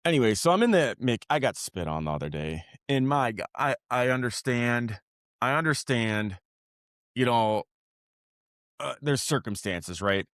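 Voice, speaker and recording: Animated, ranting male podcast host. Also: mid-range voice, normal speed, no echo, studio quality. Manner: ranting, profane, rambling with restarts. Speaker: healthcare worker. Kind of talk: casual podcast monologue.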